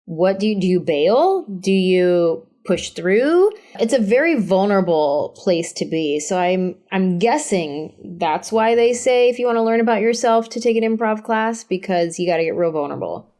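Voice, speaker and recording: A woman comedian in her thirties, a guest on an interview show, talking candidly and lively, acting out little quotes as she goes. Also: mid-range voice, moderate pace, few pauses. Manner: candid, animated storyteller who acts out quotes. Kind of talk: casual interview chat.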